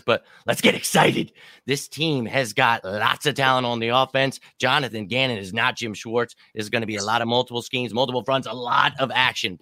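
Man, casual sports talk, bright forceful tone, dry close sound, confident and explanatory. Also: fairly low pitch, dry recording. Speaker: podcast panelist.

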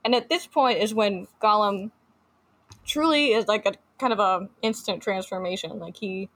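A woman's voice: mid-range voice, normal speed, a bit bright. A woman co-hosting a podcast in casual chat, talking with many fillers and restarts and reading book passages aloud. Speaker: podcast co-host.

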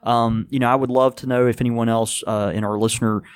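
Male podcast co-host, mid-pitched, hesitant delivery full of ums and restarts. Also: little pitch movement, smooth, dry recording. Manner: halting, many fillers and restarts. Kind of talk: casual podcast chat.

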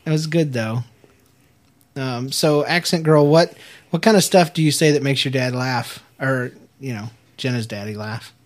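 A man's voice: medium pitch, normal speed. Man, father, host, casual chat, teasing, laughs a lot. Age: adult. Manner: laughs often, teasing and amused. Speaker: father hosting a home show with his daughter.

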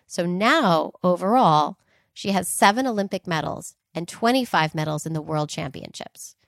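Animated woman telling a story on a podcast. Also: fairly low pitch, moderate pace, gravelly, no room sound, clean studio sound. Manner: emphatic, animated, laughs readily. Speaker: podcast co-host. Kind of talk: casual chat, storytelling.

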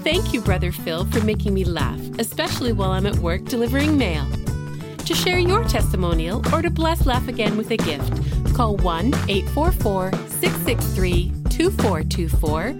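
Lively woman announcer over loud music. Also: mid-range voice. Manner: clear, measured read of contact details. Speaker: radio announcer. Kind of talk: scripted announcement. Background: loud music bed.

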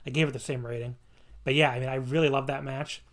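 A man co-hosting a casual wrestling podcast, rambling and animated, laughing often and swearing casually. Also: mid-range voice, fast talker. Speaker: podcast co-host. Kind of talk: casual wrestling review chat.

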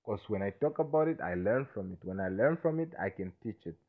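A man's voice: fairly low pitch, lively intonation, a little fast. A man rambling through a self-recorded monologue while intoxicated, stammering, restarting and asking whether you understand him. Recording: tinny phone-like sound.

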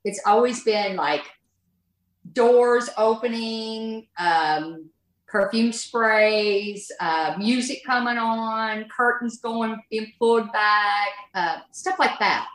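Halting woman speaking in an echoey room. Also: on the high side, fairly bright tone. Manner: halting, searches for words. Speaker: guest describing hauntings. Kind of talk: casual chat. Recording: roomy echo.

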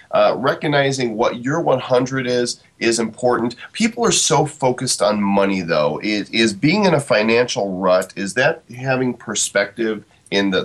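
A middle-aged man hosting an interview, asking reflective questions in a hesitant, conversational way. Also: mid-range voice. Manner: hesitant, many fillers and restarts, asks reflective questions. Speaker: interview host.

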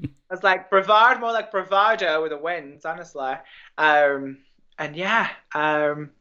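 On this casual podcast, a young guest from England chats and jokes, rambling through lots of fillers in a mixed accent that's tough to pin down. His voice sits on the high side, bright and forceful, at a measured pace, with the highs cut off.

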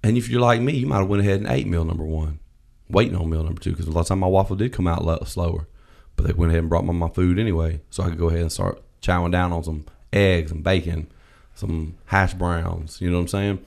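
A man's voice: sits low, fairly even intonation, fast, creaky, hardly any pauses, a little mellow. A man, telling a story in casual chat, swearing freely and acting out voices.

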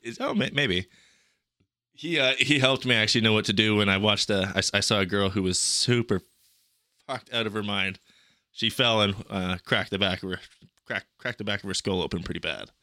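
A young man with a bright, forceful voice tells travel stories in a loose, swearing, animated way. His voice sits a little low, and it sounds dry and close to the mic. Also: brisk, no room sound. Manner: profane, animated storytelling. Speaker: podcast guest. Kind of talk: casual chat.

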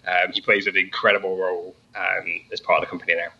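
A man with a low voice and a very sharp, bright edge cracks dry jokes and teases. He sounds muffled through lo-fi call audio. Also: little pitch movement, fast, creaky. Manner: dry joking, teasing. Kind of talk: casual video call chat.

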